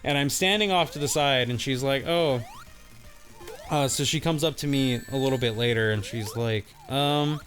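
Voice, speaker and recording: A man's voice: mid-range voice, brisk, hardly any pauses, fairly bright tone, soft background music. A young man casually telling a rambling, laughing story, acting out the other people's voices. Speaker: co-host of a gaming channel. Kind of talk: casual storytelling while playing a game.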